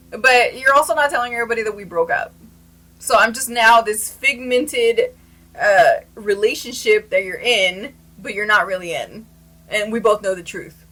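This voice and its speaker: A young woman talks straight into her camera in a loose, storytime style, full of "like" and quick asides. Her voice is bright and a little sharp. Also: medium pitch, poor audio. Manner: chatty, animated, lots of "like" fillers. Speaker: vlogger telling a story. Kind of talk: casual storytime chat.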